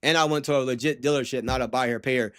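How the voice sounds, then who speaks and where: A man's voice: medium pitch, steady tone, racing, fairly bright tone, clean tone. A young man talking casually to his livestream chat, rambling with lots of slang and frequent laughter.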